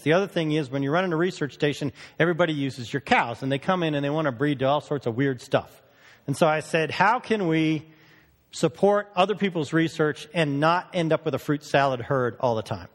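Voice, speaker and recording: A man's voice: a little high, in a large hall. A man from the northern United States giving a folksy, joking conference talk as a cattle research station manager. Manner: fast-talking, folksy, joking.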